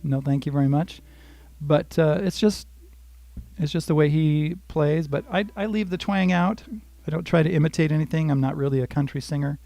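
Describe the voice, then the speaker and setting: An older man teaches guitar over a livestream, walking through chords and strum patterns, greeting viewers by name, and singing lines softly. His voice is on the high side and creaky, at a moderate pace, with no room sound. Guitar playing runs beneath his speech.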